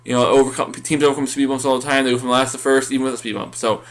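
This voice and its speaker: A man's voice: medium pitch, fairly even intonation, very fast. Rambling man recapping a show. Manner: rambling, many fillers and restarts. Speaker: podcast co-host. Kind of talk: casual recap chat.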